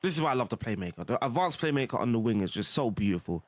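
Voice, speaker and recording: A man's voice: medium pitch, expressive, rapid-fire, noisy background. A young man, chatting casually while playing a football management game, laughing often and calling the viewer "bro". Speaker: gaming streamer.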